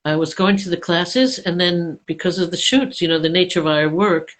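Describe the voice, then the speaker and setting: An actor guest chatting casually on a live stream, relaxed and a little hesitant. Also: mid-range voice, normal speed, low-quality recording.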